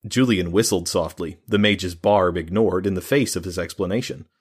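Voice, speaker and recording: A man narrates a fantasy novel in a steady, measured reading. His voice sits very low with a husky grain. The delivery is calm and even. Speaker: audiobook narrator.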